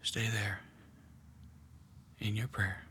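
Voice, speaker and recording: A man leading a guided prayer meditation, speaking slowly and softly and often dropping to a whisper. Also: lowish voice, level tone, slight background noise. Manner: slow, hushed, often whispering. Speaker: prayer leader.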